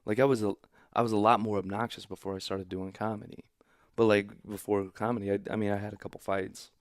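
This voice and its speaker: A young man from St. Louis, a comedian guest telling stories in a relaxed, rambling way with lots of fillers. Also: fairly low pitch, fast, no echo. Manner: laid-back, rambling storyteller, many fillers. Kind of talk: casual podcast chat.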